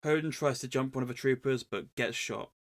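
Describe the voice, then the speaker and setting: Deadpan man recapping a story. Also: mid-range voice, a little fast. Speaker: podcast co-host. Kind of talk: casual book recap.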